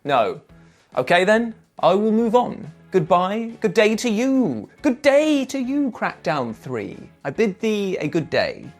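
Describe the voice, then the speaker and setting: A man's voice: high voice, sing-song, slow, soft background music, voice pushed up, heavily acted. A man putting on a theatrical, mock-posh voice to play a fussy, disappointed gamer. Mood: mock-polite. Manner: exaggerated, sing-song.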